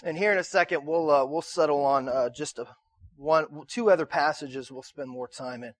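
A man's voice: fairly high pitch, moderate pace, dry recording. A man preaching as pastor, talking in a conversational way, asking the congregation to answer back and often repeating words as he restarts. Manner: conversational preaching with call-and-response questions. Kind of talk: sermon.

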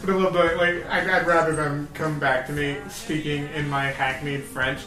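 Joking, cursing young man with a higher voice. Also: flat delivery, bright, forceful tone. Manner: joking, swearing, quick laughs. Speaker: podcast co-host. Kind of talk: casual chat. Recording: echoey room with music behind.

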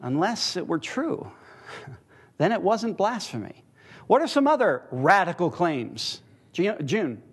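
Casting note: bright, high-voiced male Bible teacher, playful and chuckling, calls on the room for answers. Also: sing-song, slow pace, breathy edge. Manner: teasing, chuckling, quizzes the audience. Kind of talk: interactive church Bible class. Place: church.

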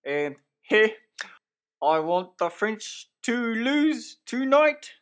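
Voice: mid-range voice, big pitch swings, extremely slow. A crude, laddish rugby commentator. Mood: hosting. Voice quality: swears freely, tags lines with "eh". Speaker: lead commentator. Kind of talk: sketch comedy acting.

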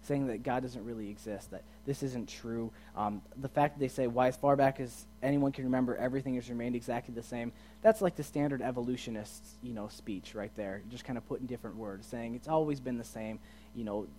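A man's voice: medium pitch, slight background noise. Chatty man preaching to young listeners. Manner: chatty, asks the audience questions; swings from quiet to loud and emphatic. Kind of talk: casual sermon.

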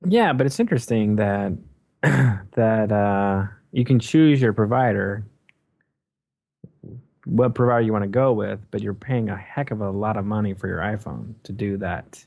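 A man's voice: fairly low pitch, unhurried, gravelly, darkish tone, dry recording, studio quality. A man co-hosting a podcast, chatting casually and cutting in with hesitant interjections. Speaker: podcast co-host. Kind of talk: casual chat.

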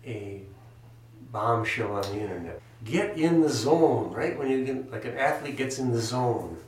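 Middle-aged male guest, excitable, off-mic in an echoey room. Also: on the low side, normal speed. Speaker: salon guest. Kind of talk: enthusiastic group conversation. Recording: roomy, distant mic with faint ambience.

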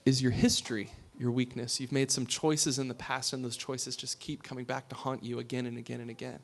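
A pastor giving a sermon. He talks in a conversational way, asks his listeners questions and drops to a hush for emphasis. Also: mid-range voice, little pitch movement, fairly quick.

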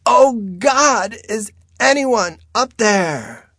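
A frantic woman hiker shrieks for help from a cliff edge, as a man puts her on. Her voice jumps high and loud, and each plea is drawn out and desperate. The read is dry and close, with no room sound. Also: animated, unhurried, no room sound, full character voice. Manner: shrill, pleading cries.

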